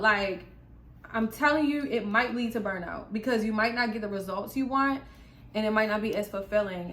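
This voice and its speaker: Young woman vlogger, high-ish voice, candid and chatty, roomy echo. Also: fairly bright tone. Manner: candid, chatty, lots of fillers and asides. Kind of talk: casual chat. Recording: echoey room.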